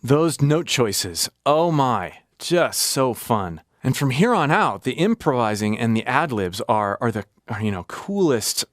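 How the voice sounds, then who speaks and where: A man's voice: mid-range voice, big pitch swings, unhurried, few pauses, a little hiss or hum. A man hosting a casual music breakdown, talking enthusiastically and analytically over the song he is playing. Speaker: music reaction host.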